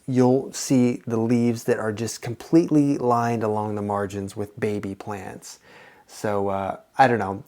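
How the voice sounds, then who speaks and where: A man's voice: medium pitch, darkish tone. A young man hosting a casual plant-care vlog, talking in a rambling, friendly way with lots of fillers and restarts. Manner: chatty, rambling, lots of fillers and self-corrections. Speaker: plant channel host.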